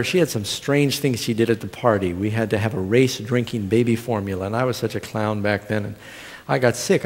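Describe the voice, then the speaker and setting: A middle-aged male pastor with a mid-range, slightly mellow voice preaches a sermon in a church sanctuary. He tells stories with humor and asks the congregation questions, and the hall's reverb lingers long.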